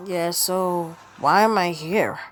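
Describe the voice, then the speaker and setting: A woman's voice: on the low side, takes it slowly, faint music behind. A woman voicing a polite, hesitant young male hero with a secret identity.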